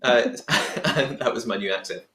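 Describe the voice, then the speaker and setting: A man's voice: mid-range voice, normal speed, a little hiss or hum. Chatty man in a roomy echo. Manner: giggly, chatty, animated retelling. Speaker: podcast host. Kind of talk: casual recap chat.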